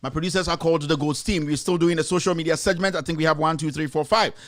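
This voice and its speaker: A man's voice: fairly high pitch, fairly even intonation, fast, fairly bright tone. A man hosting a commentary show, mocking and mixing English with Twi. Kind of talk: live commentary.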